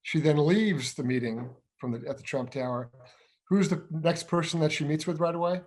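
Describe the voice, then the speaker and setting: A man hosting an interview who once worked as an intelligence officer, explaining events in a measured way, step by step. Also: on the high side, a little mellow. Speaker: show host and former intelligence officer. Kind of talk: conversational interview.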